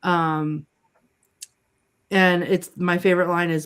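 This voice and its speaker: A woman's voice: on the low side, unhurried, a bit bright. A woman co-hosting a casual panel podcast, playfully reciting film lines with giggles. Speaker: podcast co-host.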